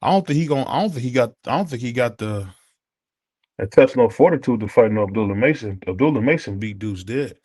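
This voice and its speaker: A man's voice: medium pitch, animated, quick pace, darkish tone, breathy edge. A man on a boxing talk panel, challenging the others with rhetorical questions. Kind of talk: heated sports debate.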